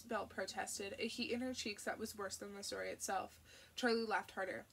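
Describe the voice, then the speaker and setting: A woman reading a novel aloud as an audiobook narrator, steady and expressive. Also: mid-range voice, a little fast, gravelly, slightly rough.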